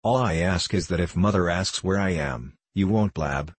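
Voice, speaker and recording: A man's voice: sits low, moderate pace, slightly rough, dry recording. A man reading a storybook aloud, voicing a proud, self-important young boy. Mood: lofty. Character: proud boastful young boy leading the game.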